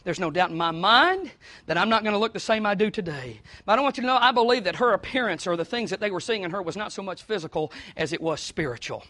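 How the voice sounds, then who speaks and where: High-voiced preacher, hushed to shouting. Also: male voice, lively intonation, fast. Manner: storytelling preacher, swinging between hushed and shouting. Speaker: pastor. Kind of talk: sermon.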